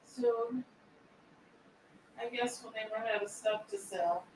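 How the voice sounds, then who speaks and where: A woman in a casual home chat, firing back quick, sharp retorts. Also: fairly high pitch, slight background noise. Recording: distant, roomy home audio.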